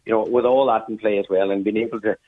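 A man's voice: lowish voice, steady tone, fast talker. A man, a team manager giving a phone interview, rambling with many fillers. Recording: tinny phone line.

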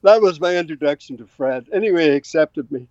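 An Irish man in his eighties, a retired scientist telling stories in a rambling, anecdotal way, often clearing his throat. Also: on the high side, lively intonation, fairly quick, darkish tone, no room sound, lo-fi sound. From Ireland. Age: 80s. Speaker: guest scientist. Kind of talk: relaxed storytelling.

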